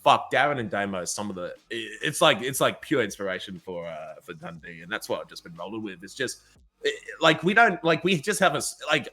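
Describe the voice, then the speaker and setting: Bright-voiced man telling a story. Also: on the low side, fairly quick. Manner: animated, swears a lot, laughs often. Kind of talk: casual storytelling chat.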